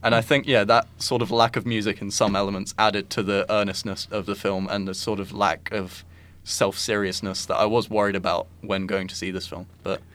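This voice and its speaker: In a casual film chat on the podcast he co-hosts, a man rambles along a little fast with few pauses, peppering his talk with "like" and "I think." His voice is fairly low, level in tone, and a bit bright.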